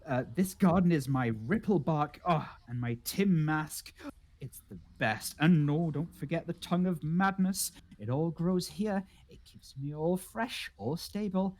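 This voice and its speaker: A player voicing a lonely, odd woman gardener who lives underground, with a gasping, high, breathy voice. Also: very animated, measured pace. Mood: excited.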